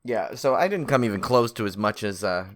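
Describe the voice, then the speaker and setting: A man co-hosts a horror film podcast in casual chat, rambling with lots of fillers and restarts. His voice sits on the low side and is expressive and fairly bright, moving a little fast.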